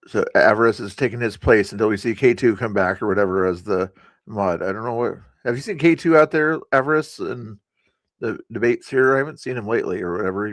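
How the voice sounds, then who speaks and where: A man's voice: on the low side, no echo. A man hosting a live stream, chatting casually about politics and his viewers in a rambling way, with many fillers and chuckles.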